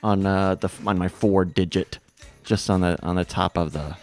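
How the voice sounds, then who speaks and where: A man's voice: sits low, steady tone, moderate pace, a little mellow, faint music behind. A man hosting a livestream, calling marble races and drifting into rambling, self-mocking stories full of restarts. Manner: playful, self-mocking storyteller. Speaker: marble race commentator and stream host. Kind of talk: casual livestream race commentary with rambling asides. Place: home streaming setup with a ring light.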